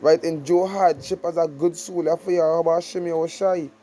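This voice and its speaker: A man giving an informal scripture study sermon, reading verses slowly, then explaining in loose, repeated phrases. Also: on the high side, steady tone, dark tone, slight background noise, poor audio. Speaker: scripture teacher.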